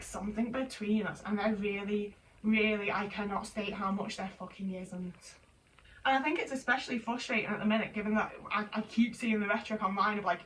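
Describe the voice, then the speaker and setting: A woman's voice: mid-range voice, fairly bright tone, recorded from a distance, a little hiss or hum, low-quality recording. A woman in her twenties venting in casual chat while folding laundry at home, rambling, sweary and exasperated. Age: 20s. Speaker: vlogger.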